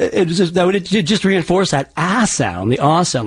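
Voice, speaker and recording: Husky-voiced male dialect coach explaining. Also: fairly high pitch, normal speed. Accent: partly Irish. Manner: explanatory, many restarts. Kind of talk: interview answers.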